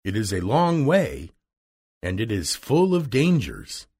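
A man voicing a kind little old woman, a gentle witch, speaking slowly and soothingly in a storybook reading. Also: mid-range voice, huge pitch swings, slightly rough, heavily acted. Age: over 60.

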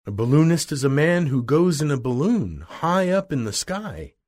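A man's voice: a little high, sing-song, moderate pace, a little mellow, pitched above the performer's own voice. A man doing a timid little old wizard. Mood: explaining. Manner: small pleading voice. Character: frightened little old male humbug wizard.

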